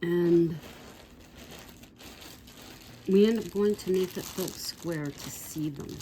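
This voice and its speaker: A woman's voice: lowish voice, a little slow, warm tone, a little hiss or hum. A woman in her sixties rambling through an old story for her vlog, with digressions and asides to viewers. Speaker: vlogger. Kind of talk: casual storytelling.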